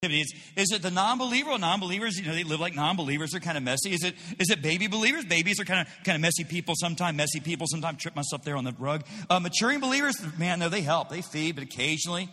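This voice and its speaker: A man's voice: a little high, animated, rapid-fire, few pauses, pushed and bright, big-room sound. A man preaching a sermon as pastor, emphatic, repeating phrases with mocking asides.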